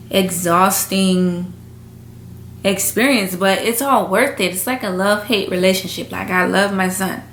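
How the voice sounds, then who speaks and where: A young woman talking frankly in a personal vlog at home, halting and emotional, with many fillers. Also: on the low side, fairly bright tone, slight background noise. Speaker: vlogger. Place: indoors at home. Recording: echoey room, faint ambience.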